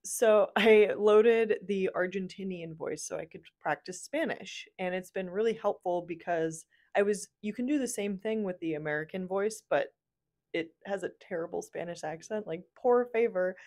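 An upbeat woman hosts a casual software demo from her desk, chatting away in an easygoing, mid-pitched voice. She cheers little successes along the way.

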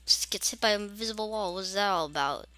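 A woman's voice: mid-range voice, fast, music in the background. A young woman casually commenting on a game as she plays it, chatty and grumbling, with mock-scared asides. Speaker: gaming channel host.

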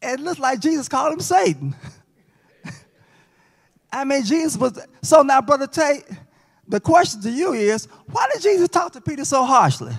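A man's voice: extremely high pitch, very animated, moderate pace, long pauses. A man teaching a Bible lesson in church, folksy, joking with and quizzing the class. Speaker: Sabbath school teacher. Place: church sanctuary. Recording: long church reverb.

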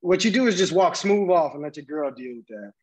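A man's voice: fairly high pitch, expressive, brisk, a little mellow. A man co-hosting a podcast, blunt and joking in casual chat, laughing often. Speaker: podcast co-host.

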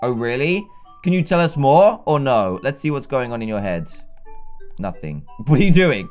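A man giving chatty, excitable let's-play commentary and talking to the game characters. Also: mid-range voice, normal speed, soft background music. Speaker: gaming YouTuber.

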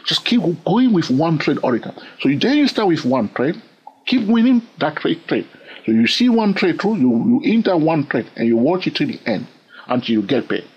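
A man with a French-influenced accent, teaching a trading lesson in an animated way and often checking in with "all right?". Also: on the high side, moderate pace, slightly rough. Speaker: trading instructor. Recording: dull lo-fi recording.

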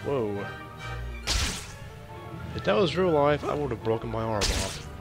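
A man's voice: medium pitch, very animated, unhurried, gravelly, music in the background. A young man joking and chatting casually while commenting on a game. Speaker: gameplay commentator.

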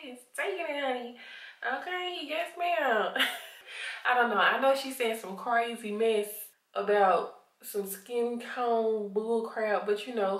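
Southern lady vlogging at home, sleepy, laughs a lot, says honey and y'all, kinda far from the mic. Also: mid-range voice. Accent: Southern US (Arkansas). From Arkansas, USA. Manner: chatty, laughs often, calls viewers honey and y'all. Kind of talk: casual chat to camera. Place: at home, indoors. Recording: roomy, from a distant camera mic.

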